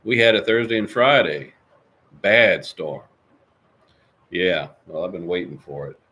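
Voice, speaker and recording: Low-voiced man hosting a chatty podcast. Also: unhurried, sharp tone. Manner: jokey and rambling. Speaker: podcast host. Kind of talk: casual live-stream chat, reading viewer comments.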